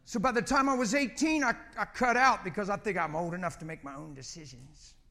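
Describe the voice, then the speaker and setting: A middle-aged man preaching, telling a personal story in an animated way and often repeating words. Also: sits high, fairly quick, creaky. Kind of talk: sermon.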